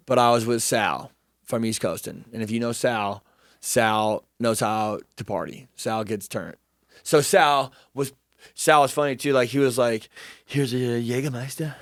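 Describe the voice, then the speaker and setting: A young man telling a story in a casual chat, animated, profane and self-deprecating. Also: mid-range voice, dry recording, clean studio sound.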